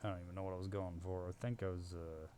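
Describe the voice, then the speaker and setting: Man streaming a game, slightly low voice. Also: little pitch movement, rapid-fire, dark tone, slight background noise. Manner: casual, chatty, talks to himself. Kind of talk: live gameplay commentary.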